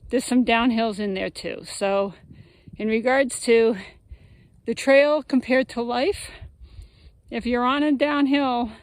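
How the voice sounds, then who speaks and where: A woman's voice: on the high side, no echo, low-quality recording. A woman vlogging outdoors on a mountain trail, chatty and upbeat as she tells how the hike is going. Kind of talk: casual outdoor vlog.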